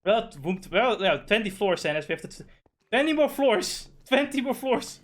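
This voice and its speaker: A man with a high-pitched voice chats excitedly during a game, swearing as he tells stories. He talks in a loose, casual way and is quick to get worked up. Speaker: streamer. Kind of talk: casual gaming chat.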